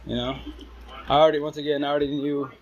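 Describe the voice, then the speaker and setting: A man's voice: on the high side, level tone, fast, highs cut off, a little hiss or hum. A man livestreaming casually from home as a father talking to his followers, rambling and restarting sentences, sometimes dropping in Spanish words. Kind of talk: casual live-stream chat. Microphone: phone live stream.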